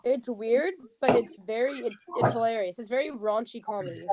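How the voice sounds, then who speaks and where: A woman's voice: a little high, normal speed, a crowd in the background. A young woman in casual banter on a livestream hangout.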